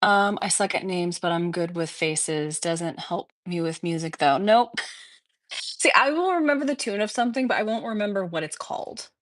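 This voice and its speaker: A woman's voice: medium pitch, moderate pace, no echo, studio quality. A woman chatting casually on a live stream, rambling and laughing often as she talks.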